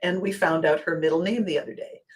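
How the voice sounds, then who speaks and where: A woman hosting a show, talking casually in an expressive, emphatic way with wide swings in loudness. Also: deep voice, quick pace. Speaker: host. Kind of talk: casual monologue.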